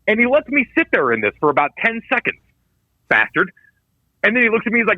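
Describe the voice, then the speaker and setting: Animated swearing storyteller man, dry lo-fi sound. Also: sits high, quick pace, long pauses, no echo. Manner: animated storyteller, swears a lot, acts out quoted voices. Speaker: podcast co-host. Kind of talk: casual chat. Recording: dull lo-fi podcast audio, dry.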